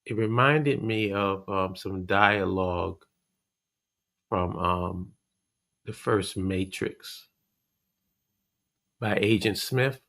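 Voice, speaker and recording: A man hosting, commenting casually in a relaxed, hesitant way with fillers. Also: low voice, creaky.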